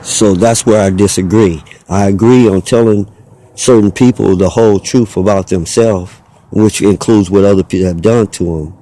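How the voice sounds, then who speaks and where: A man's voice: on the low side, moderate pace, mellow. A man delivering a rambling, preachy spoken monologue, arguing his point with rhetorical questions and mock voices.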